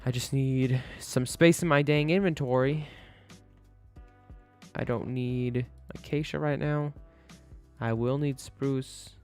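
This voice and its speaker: A man's voice: medium pitch, steady tone, takes it slowly, pauses often, smooth, faint music behind. A man live-streaming a building game, chatting casually and thinking aloud to himself as he works.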